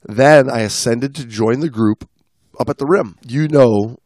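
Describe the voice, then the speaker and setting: A man's voice: medium pitch, a little slow, darkish tone, dry recording. A man on a podcast reading a diving story aloud and breaking off to explain and chat. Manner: reads then riffs and explains at length. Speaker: podcast co-host, story reader.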